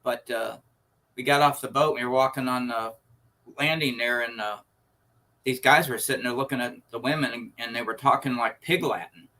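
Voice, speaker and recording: A man's voice: medium pitch, moderate pace, sharp tone. A man hosting a casual online chat, telling anecdotes and laughing easily. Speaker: host.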